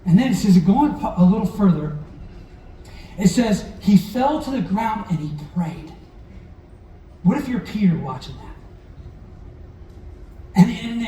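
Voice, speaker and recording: A man's voice: high voice, mellow, slight background noise. A man preaching a sermon as pastor, talking in a conversational way and acting out quotes now and then. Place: church hall. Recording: roomy echo, heard from a distance.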